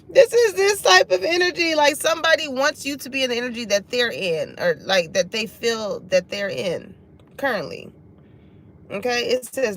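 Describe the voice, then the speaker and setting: A woman's voice: on the high side, animated, normal speed, long pauses, fairly bright tone, slight background noise. A woman giving a casual tarot reading, laughing often and swearing freely. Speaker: tarot reader.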